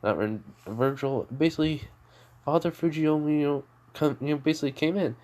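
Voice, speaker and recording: A man's voice: on the high side, a little fast, a little mellow. A man casually making up and retelling a fan story, rambling with lots of fillers and restarts.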